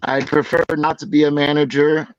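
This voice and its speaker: A man's voice: on the high side, flat delivery, normal speed, dry recording, dull audio. A man on an online panel giving blunt, self-deprecating opinions in casual chat. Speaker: panel guest.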